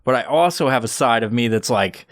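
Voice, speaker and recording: A man's voice: medium pitch, animated, fairly quick, no room sound, clean studio sound. Profane laughing podcast host, a man. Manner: swears constantly, laughs often. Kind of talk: casual profane chat.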